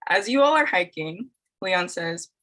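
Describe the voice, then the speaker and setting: Bright-voiced woman reading scenarios. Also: lowish voice, lively intonation, a little slow, rough recording. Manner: laughs often, stumbles over names. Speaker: host reading dating scenarios. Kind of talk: casual group chat, reading a scenario aloud.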